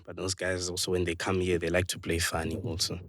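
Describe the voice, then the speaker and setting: A man, a podcast co-host in casual football chat, who gets animated and acts out what other people say. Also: low voice, fast talker, no echo, clean studio sound.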